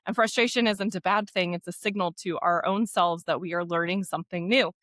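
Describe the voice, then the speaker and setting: A woman's voice: on the low side, fairly even intonation, fairly quick, a bit bright, no echo, studio quality. A woman co-hosting a podcast in casual conversation, thinking aloud and often correcting herself. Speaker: podcast co-host.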